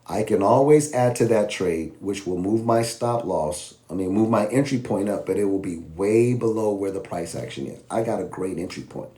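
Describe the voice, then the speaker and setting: A man casually teaching trading, animated and slangy, acting out both sides of an argument with himself. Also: fairly low pitch, moderate pace, few pauses. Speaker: trading educator.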